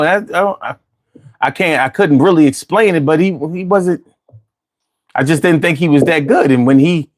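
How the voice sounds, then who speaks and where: A man telling stories in a casual chat, repeating words as he goes. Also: medium pitch.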